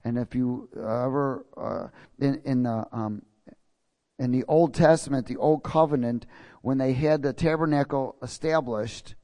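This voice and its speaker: A man's voice: mid-range voice, unhurried, mellow. A man preaching a sermon in a folksy way, reading scripture and checking in with his congregation.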